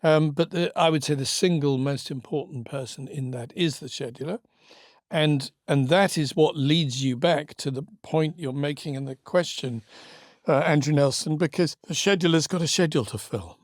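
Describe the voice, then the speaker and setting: A middle-aged man in casual podcast chat, his voice sitting a touch high for a man. He talks in a reflective, anecdotal way, recorded close and dry with no room sound. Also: normal speed, dry recording. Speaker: podcast co-host, former TV commissioner.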